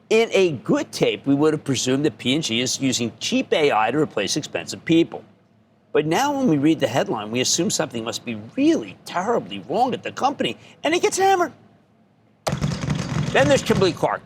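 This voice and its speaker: A man hosting a call-in stock market show, talking in a loud, excitable, rapid-fire way. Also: on the high side, a little hiss or hum. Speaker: host. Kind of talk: animated call-in stock commentary.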